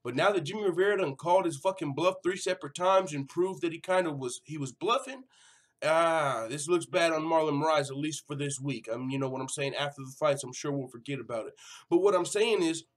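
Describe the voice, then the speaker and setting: A man's voice: on the high side, fairly quick. A man hosting an MMA news vlog, talking casually, swearing freely and acting out the quotes. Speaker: MMA news channel host. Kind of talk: casual profane commentary vlog.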